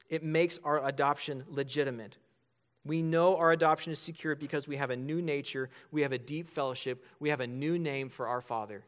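Man, 30s, pastor delivering a sermon; higher-pitched, earnest. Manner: earnest preaching, rising to emphatic calls.

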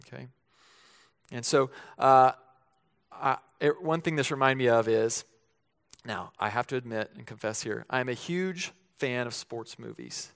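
A middle-aged man preaching a sermon in a relaxed, conversational way, full of asides and restarts. His voice is smooth and clear at an ordinary pitch. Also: unhurried. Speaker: pastor.

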